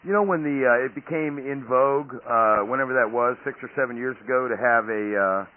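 In a casual podcast interview, the male host rambles, using plenty of fillers and restarting often. His mid-range voice moves fairly quickly. The audio is tinny, like a phone line, with faint noise.

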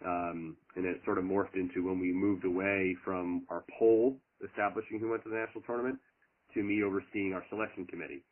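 A man's voice: sits low, steady tone, brisk. A middle-aged man, a college lacrosse head coach, answering interview questions earnestly and at length with many fillers. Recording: tinny phone line.

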